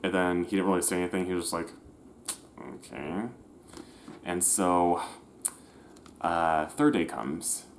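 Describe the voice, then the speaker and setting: A man's voice: sits low, little pitch movement, moderate pace, a little hiss or hum. A man telling a personal story in a casual, rambling way, often restarting and correcting himself, with slangy everyday talk. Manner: slangy, conversational.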